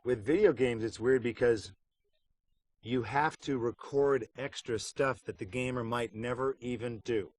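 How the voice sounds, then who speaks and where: A man's voice: medium pitch, a little slow, darkish tone, no room sound. A middle-aged man with a mid-range voice, chatting in a casual interview. He speaks with wry, dry humor and slips into playful joking as he tells stories about his work. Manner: wry, joking, puts on silly voices for anecdotes. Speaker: voice actor interviewed about a game. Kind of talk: casual behind-the-scenes interview.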